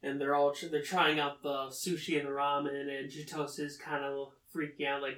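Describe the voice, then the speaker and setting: Guy rambling through an anime recap, lots of uhs, bit high voice, roomy and far from the mic. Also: little pitch movement, a bit bright. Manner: rambling, many filler pauses. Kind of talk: casual plot recap.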